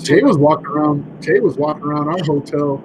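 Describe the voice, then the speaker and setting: Animated man telling stories on a podcast. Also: fairly high pitch, brisk, noisy background. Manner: animated storytelling, acts out quotes. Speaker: podcast co-host. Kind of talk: casual chat.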